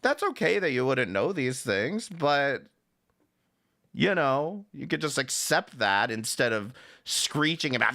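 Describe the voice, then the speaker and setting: A man's voice: medium pitch, big pitch swings, a little slow, creaky, pushed and bright. A man hosting a stream, ranting profanely and sarcastically while reacting to clips. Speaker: streamer host. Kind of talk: reaction commentary.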